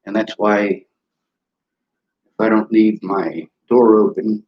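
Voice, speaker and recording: A man's voice: lowish voice, fairly even intonation, takes it slowly. Blunt, profane man on a dull phone recording. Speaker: vlogger. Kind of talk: angry monologue and home tour. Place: cluttered small apartment, indoors. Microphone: handheld phone camera.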